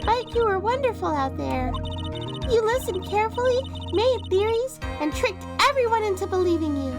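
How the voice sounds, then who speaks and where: Woman doing a very high sweet little girl. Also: expressive, normal speed. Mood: earnest. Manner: sweet, earnest, childlike. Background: game music.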